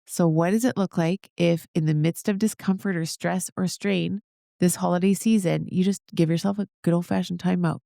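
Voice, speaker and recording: Upbeat woman podcaster with a gravelly edge. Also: lowish voice, steady tone, normal speed, mellow, no room sound, studio quality. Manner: upbeat, encouraging, talks straight to listeners. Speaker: podcast host. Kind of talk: solo motivational podcast talk.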